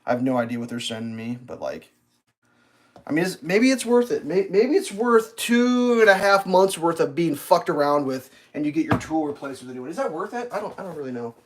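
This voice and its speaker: A man's voice: on the high side, sing-song, brisk, background noise. A man livestreaming, telling a long exasperated story about customer service, swearing freely. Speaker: live streamer. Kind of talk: casual livestream rant.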